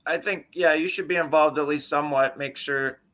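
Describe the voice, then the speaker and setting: An upbeat man co-hosting a podcast, offering encouragement in easy chat. His voice is bright and sits a little high. He keeps things light and supportive. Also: steady tone, fairly quick. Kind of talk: casual chat.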